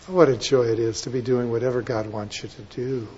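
A man preaching a sermon, dropping to soft asides and rising to loud, drawn-out emphatic lines. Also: medium pitch, fairly even intonation, husky. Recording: dull lo-fi sermon recording.

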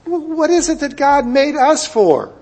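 A man preaching a sermon, reading scripture and explaining it with emphatic swings between loud declarations and hushed asides. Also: very high voice, big pitch swings, measured pace.

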